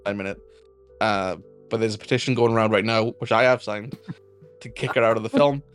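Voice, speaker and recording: A man's voice: fairly low pitch, a little fast, a bit bright, clean tone, soft background music. Enthusiastic Welsh man. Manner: enthusiastic, news-sharing, laughs often. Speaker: podcast co-host. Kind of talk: casual chat.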